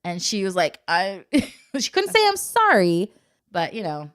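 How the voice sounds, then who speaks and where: A woman's voice: on the low side, unhurried. A middle-aged woman co-hosting a casual podcast, telling family stories and laughing often. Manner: laughs often, animated storytelling. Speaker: podcast co-host. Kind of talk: casual chat.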